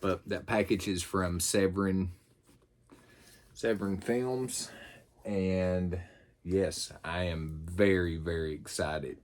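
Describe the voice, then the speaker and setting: A man's voice: deep voice, a little mellow, slight background noise. A man with a Southern US accent chatting casually and rambling, with many fillers, as he unboxes and talks through his new purchase. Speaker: YouTube host.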